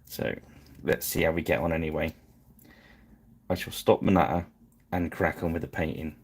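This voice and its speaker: A man's voice: very deep voice, steady tone, normal speed, slightly rough. A man hosting a live painting stream, chatting casually and apologizing with self-deprecating asides.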